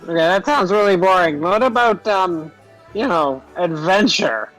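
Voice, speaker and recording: A man's voice: high voice, lively intonation, measured pace, a bit bright, soft background music, pitched below the performer's own voice, rough recording. A man voicing a small, eager male goblin adventurer in a tabletop game who rambles and brags. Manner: rambling, eager and self-assured.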